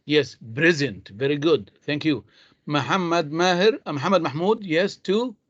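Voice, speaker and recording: A man teaching an English class online, patient and halting with many fillers. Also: on the high side, expressive, no room sound. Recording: dull dry lo-fi sound.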